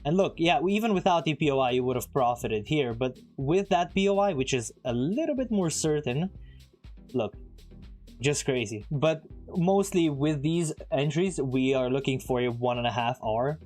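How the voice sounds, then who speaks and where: Male streamer, mid-pitched, chatty, talks straight to chat, faint music underneath. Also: expressive, darkish tone. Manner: chatty, talks to viewers directly, quick asides. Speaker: live-stream trader. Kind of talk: casual live-stream commentary.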